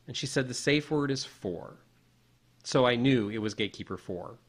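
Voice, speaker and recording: A man co-hosting a podcast, telling a personal story in a casual, animated way with many restarts. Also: mid-range voice, normal speed. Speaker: podcast co-host.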